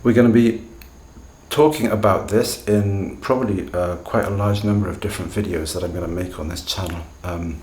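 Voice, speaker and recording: Male teacher, lowish voice, deliberate and emphatic, recorded in an echoey room. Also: steady tone, darkish tone, a little hiss or hum. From Britain. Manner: deliberate, emphatic, tag questions. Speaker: language teacher, channel host. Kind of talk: explanatory video lesson.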